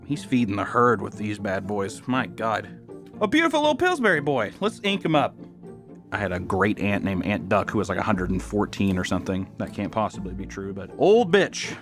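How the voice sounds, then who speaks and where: A man chatting casually and crudely while he draws, excitable, keeps breaking into squeaky put-on voices. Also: normal speed, music in the background. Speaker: YouTube artist and host. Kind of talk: casual commentary while drawing.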